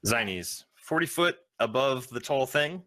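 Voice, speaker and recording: A man's voice: medium pitch, expressive, pushed and bright, no room sound. A man running a tabletop game as game master, narrating with many ums and uhs. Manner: halting, filled with ums and uhs.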